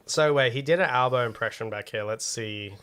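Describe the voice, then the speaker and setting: A man's voice: mid-range voice, brisk, fairly bright tone, smooth. An Australian man co-hosting a podcast, giving wry, chatty commentary on clips. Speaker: podcast co-host. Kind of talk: casual chat reacting to clips.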